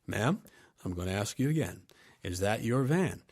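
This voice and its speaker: A man voicing a calm, unflappable race director who speaks steadily and patiently but insists politely. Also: lowish voice, normal speed, husky, voice pushed down. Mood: calm firm.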